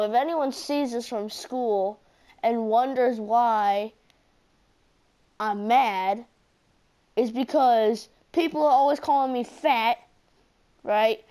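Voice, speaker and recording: A woman's voice: a little high, darkish tone. A woman giving live commentary while playing a shooter game, swearing often and exclaiming in frustration. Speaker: gaming channel host.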